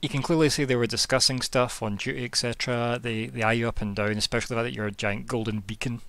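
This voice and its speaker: A man's voice: mid-range voice, fairly even intonation, fast, vocal fry, fairly bright tone, no room sound. A man runs an online tabletop session as game master. He talks in a loose, rambling way with plenty of ums and restarts. His voice sits in an ordinary middle range. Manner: casual, rambling, lots of fillers. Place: home, online voice call.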